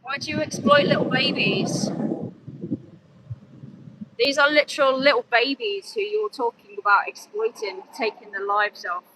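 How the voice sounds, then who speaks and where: A woman's voice: a little high, moderate pace, rough recording. A young woman with a Midlands accent, livestreaming outdoors by a road on her phone, chatting with viewers and preaching earnestly. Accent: English Midlands. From English Midlands. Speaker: animal rights activist livestreamer. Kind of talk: casual livestream chat. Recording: loud outdoor traffic noise.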